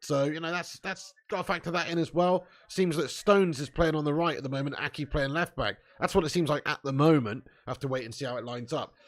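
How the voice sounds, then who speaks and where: Fired-up English football fan host. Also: male voice, fairly high pitch, a little fast, hardly any pauses. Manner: banters with live chat, swears and laughs, bursts loud. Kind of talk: live match watch-along chat.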